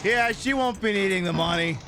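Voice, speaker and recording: A man streaming a game with animated, sarcastic running commentary. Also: high voice, brisk, music in the background. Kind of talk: let's play commentary.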